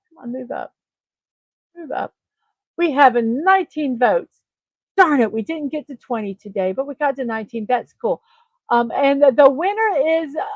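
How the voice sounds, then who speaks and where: A woman's voice: fairly high pitch, no room sound, highs cut off. A woman hosting her own morning livestream, chatting in a friendly way with many ums and uhs. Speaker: livestream host. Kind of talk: casual livestream chat.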